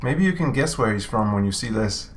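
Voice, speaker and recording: A man co-hosting a game developer stream, chatting casually and joking, with halting restarts. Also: on the low side, expressive, slight background noise. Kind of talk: casual chat while playing.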